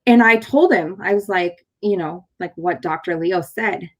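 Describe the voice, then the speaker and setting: A woman's voice: on the low side, unhurried. Woman telling a personal story animatedly. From San Diego, California. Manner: animated, acts out quoted dialogue; rambling with many fillers and restarts. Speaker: chiropractor and show host. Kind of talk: casual interview storytelling.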